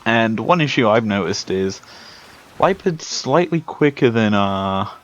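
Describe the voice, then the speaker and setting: A young British man giving relaxed, chatty commentary while playing a video game. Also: lowish voice. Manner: slow, laid-back, chatty. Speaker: Let's Play host. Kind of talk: casual gameplay commentary. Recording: dull lo-fi sound with faint music.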